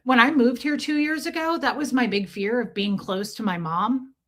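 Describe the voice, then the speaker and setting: A woman's voice: fairly high pitch, normal speed, fairly bright tone. A woman hosting a casual livestream, rambling candidly, cursing freely and greeting viewers by name. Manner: reads out viewer names. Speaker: livestream host.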